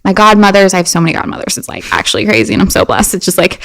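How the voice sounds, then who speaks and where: A woman's voice: fairly low pitch, racing, vocal fry, low-quality recording. Chatty woman telling stories. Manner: chatty, frequent "like" fillers and restarts; animated storyteller. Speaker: podcast guest. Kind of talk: casual chat.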